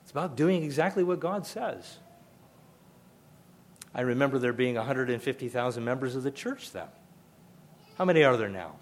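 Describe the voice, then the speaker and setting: An older male pastor delivers a sermon in a voice of ordinary middle pitch. He talks conversationally but with emphasis, repeating key points to drive them home. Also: lively intonation, moderate pace, pauses often.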